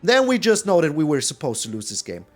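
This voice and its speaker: A man narrating his own card game match as he plays, his voice sitting high and leaping all over the place. He repeats phrases, swears mildly and stays animated throughout. Faint music plays behind him. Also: fast talker. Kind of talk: live gameplay commentary.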